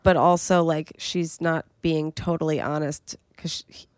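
A woman's voice: low-pitched, flat delivery, measured pace, darkish tone, no room sound, clean studio sound. A young woman co-hosting a podcast, chatting casually about a reality show and quoting the cast in playful voices. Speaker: podcast co-host. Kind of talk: casual reality TV recap chat.

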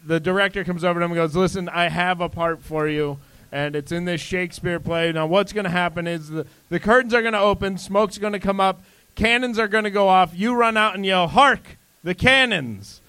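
Brief: high-pitched male host, animated joke teller, dry close mic. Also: fairly quick, clear, resonant tone, no echo. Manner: animated storyteller, acts out lines. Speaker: podcast host. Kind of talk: casual joke-telling chat.

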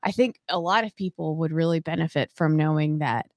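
A woman co-hosting a sports podcast in casual chat, animated and opinionated, often laughing. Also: deep voice, a little fast, no room sound, studio quality. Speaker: podcast co-host.

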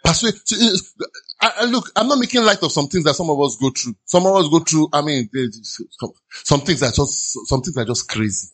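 A Nigerian-accented pastor delivers an animated sermon in a church. His somewhat high, bright voice rings out as he preaches, now and then mimicking sighing listeners. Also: normal speed, husky.

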